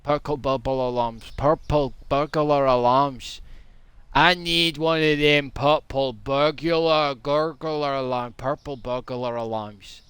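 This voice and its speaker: A man doing an exaggerated Scottish accent as an excitable Scotsman who keeps repeating himself. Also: medium pitch, takes it slowly, clear, resonant tone, no room sound. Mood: excited. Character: excitable Scottish man wanting a burglar alarm.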